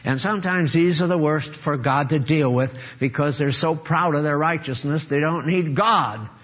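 An older man preaching a sermon, earnest and emphatic, dropping low and grave, then rising to exhort. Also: moderate pace, highs cut off.

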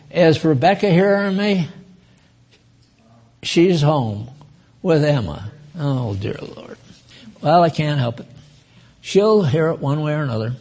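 A man in his nineties giving an informal Bible teaching, slow and chatty, with asides to his listeners. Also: a little high, darkish tone. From United States. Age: 90s.

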